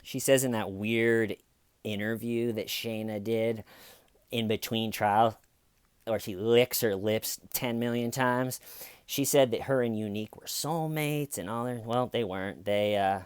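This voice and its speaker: A man recounts a crime story with a mocking edge, drifting into offhand asides. His voice is smooth and clear, and the recording is dry and close. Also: on the low side, a little slow, no room sound. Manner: sarcastic, loose, rambling asides. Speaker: comedic true crime commentator. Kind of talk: comedic storytelling commentary.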